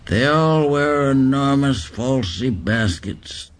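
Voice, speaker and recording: A man reading literary prose aloud in a deliberate, deadpan recital. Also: medium pitch. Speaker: reader.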